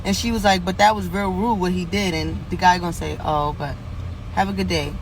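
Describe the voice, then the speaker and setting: A woman's voice: fairly low pitch, brisk, a little hiss or hum, low-quality recording. A woman telling a salon story to her phone camera in a casual, indignant way, acting out the dialogue. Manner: animated, indignant retelling with quoted dialogue.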